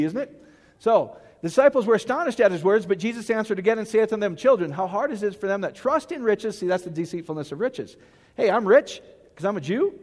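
A man's voice: high-pitched, darkish tone, long reverb tail. A man preaching a loose, conversational sermon, joking and quizzing the congregation as he goes. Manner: folksy, joking, asks the congregation questions. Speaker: pastor.

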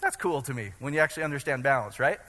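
Here the Iowa pastor, middle-aged, has a mid-range voice with lively intonation, a rapid-fire pace and a sharp tone. His sermon is casual and jokey, and he's chatty, frequently asking his audience whether they follow. Long hall reverb colors the recording.

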